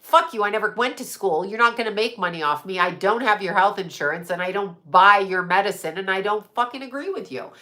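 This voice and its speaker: A woman's voice: medium pitch, brisk, hardly any pauses, sharp tone. A woman hosting a livestream, ranting heatedly with lots of swearing and rambling restarts. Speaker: livestream host. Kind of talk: unscripted livestream rant.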